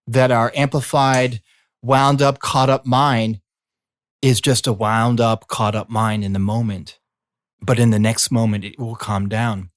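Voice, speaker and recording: A middle-aged man, a coach and former healer, speaking in a slow, soothing reflective monologue. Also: mid-range voice, no room sound, clean studio sound. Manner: slow, soothing, drawn-out phrasing. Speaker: coach and former healing practitioner.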